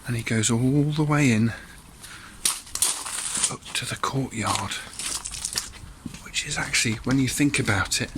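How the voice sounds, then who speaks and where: A man's voice: mid-range voice, noisy background. A man leading a church all-age talk, telling a Bible story in a chatty way with asides to listeners and acted voices.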